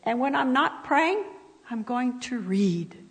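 A woman with a croaky voice giving a sermon in a church, talking to the audience in a conversational way with asides. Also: a little high, lively intonation, slow pace, in a large hall, rough recording. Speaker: speaker at a church service. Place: church hall.

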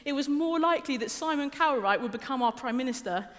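A woman from England delivers a sermon with a high voice and a chatty, self-deprecating humor. The big church hall adds a long, ringing reverb behind her. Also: quick pace. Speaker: preacher.

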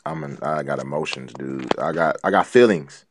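A man's voice: extremely low pitch, moderate pace, background noise. A man co-hosting a casual podcast chat, talking earnestly and rambling with lots of filler phrases. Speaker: podcast co-host.

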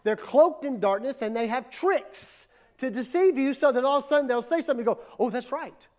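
A male pastor preaching a sermon in an emphatic, repetitive style, dropping low and surging loud for effect. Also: a little fast. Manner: emphatic, repetitive preaching with dramatic drops and surges.

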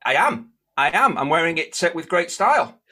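A man's voice: a little high, very animated, normal speed, pushed and bright. A man co-hosting a podcast, bantering playfully with his friends. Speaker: podcast co-host. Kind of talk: casual chat among friends.

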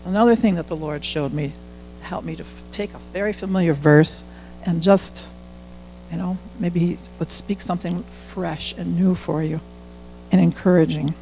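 A middle-aged man speaks to a congregation in a loose, confiding way, stepping into his own remembered prayers as he goes. His voice sits high for a man and catches often into a gravelly creak. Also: fairly even intonation, moderate pace, a little mellow, soft background music, rough recording. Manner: conversational, candid, quotes own prayers aloud. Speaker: church speaker sharing testimony. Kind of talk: informal sermon testimony.

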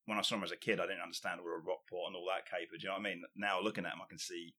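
A man's voice: sits low, level tone, very fast, bright, forceful tone. A man hosting a podcast, chatting casually and rambling, swearing often and checking in with "do you know what I mean". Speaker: podcast host. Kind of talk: casual chat.

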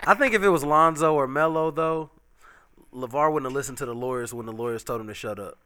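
Fast, bright man arguing bluntly. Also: mid-range voice, smooth. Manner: blunt, argumentative, profane. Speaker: podcast co-host. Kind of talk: casual chat.

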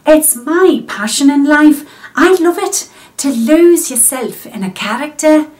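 Woman doing an earnest Liverpool theatre-club actress with an attempted Scouse accent, lively pitch, slow delivery. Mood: enthusiastic. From Australia. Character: chatty working-class Liverpool woman, amateur actress. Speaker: vocal coach.

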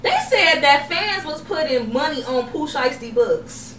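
A woman co-hosting a podcast in casual chat, talking in an animated, slangy way and laughing often. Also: high-pitched, unhurried, few pauses, roomy sound, far from the mic, noisy background. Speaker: podcast co-host.

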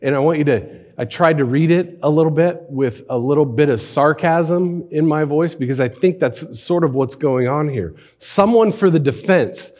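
A man's voice: a little high, moderate pace, few pauses, a little mellow. A man preaching a sermon as pastor, conversational, often asking rhetorical questions and adding "right?".

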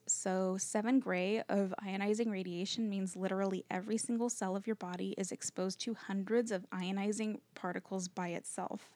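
A woman co-hosting a podcast earnestly reads her researched notes to her co-hosts, and she drops lots of "like" whenever she speaks off the page. Her voice is medium in pitch and darkish, with no echo.

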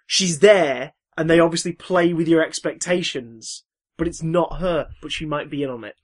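A man co-hosting a casual chat show, telling stories animatedly. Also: moderate pace. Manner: animated, acts out quotes with big pitch jumps. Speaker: podcast co-host.

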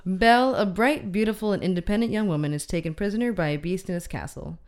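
A woman's voice: medium pitch, fast, darkish tone, slight background noise. A woman co-hosting a film podcast, chatting in a dry, teasing way. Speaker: podcast co-host, film critic. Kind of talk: casual chat.

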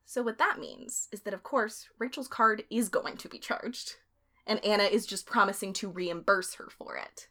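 A woman casually retelling a story to a friend on a podcast, chatty and lively, often breaking into laughter. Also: mid-range voice, moderate pace.

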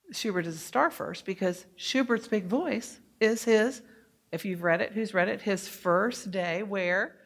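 A woman speaks slowly and deliberately to a room of teachers. She stresses her points and keeps turning questions back to her audience, in the manner of a workshop trainer. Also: lowish voice. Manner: emphatic, asks the audience questions.

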